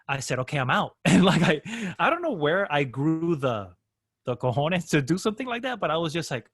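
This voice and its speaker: A man's voice: a little high, lively intonation, moderate pace, fairly bright tone, no echo, studio quality. A man improviser telling stories in casual conversation, often slipping into voices and accents as he goes. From Miami area. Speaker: improviser and guest. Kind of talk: casual storytelling.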